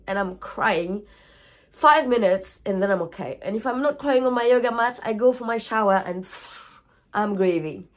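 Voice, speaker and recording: A woman yoga teacher speaking to camera in a candid personal video. She is emotional and openly tearful at times, and she jumps between thoughts, swearing freely. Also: on the high side. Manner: scattered, frank, swears freely.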